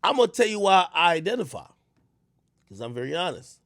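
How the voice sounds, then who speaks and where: A young man in casual reaction commentary, telling stories with lots of fillers and sudden bursts of shouting. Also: high voice, a little fast, no room sound, studio quality. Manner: animated storytelling with frequent fillers, bursts of shouting. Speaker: streamer commentator.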